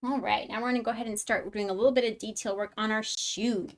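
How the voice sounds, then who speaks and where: Bubbly, chatty woman, slightly high voice. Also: fairly even intonation, fast. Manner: chatty, bubbly, laughs often. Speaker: painting tutorial streamer. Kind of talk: live-stream painting tutorial with chat.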